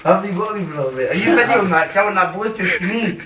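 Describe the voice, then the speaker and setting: Excitable Scottish young man, high voice. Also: fast talker, heavy background noise. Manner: laughing, teasing, excitable. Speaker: friend filming on camera. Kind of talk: casual home video.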